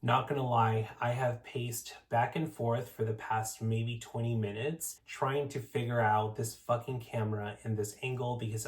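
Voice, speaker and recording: A man hosting his own podcast, talking casually to camera, nervous, excited and swearing freely. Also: medium pitch, far from the mic. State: shaky and close to tears. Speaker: podcast host. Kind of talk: casual vlog talk to camera.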